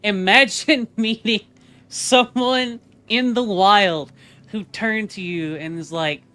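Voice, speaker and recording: Speaking slowly in a high, sharp voice with a steady tone, this male streamer keeps up a playful, teasing live-stream chat. He laughs a lot at his viewers as the game runs.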